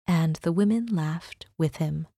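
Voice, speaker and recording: A woman narrating a novel as an audiobook reader, in measured, unhurried storytelling. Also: low-pitched, warm tone, dry recording, studio quality. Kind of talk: scripted narration.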